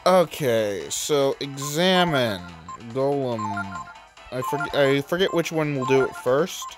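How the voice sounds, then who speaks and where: Let's-play host, casual unhurried commentary over loud game music. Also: medium pitch.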